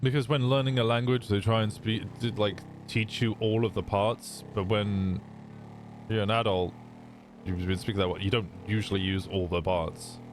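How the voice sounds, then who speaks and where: A man's voice: on the low side, fairly even intonation, normal speed. A young man streaming and chatting loosely with his audience, swearing often and stumbling over restarts. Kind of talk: casual chat to a live stream chat. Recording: noisy background.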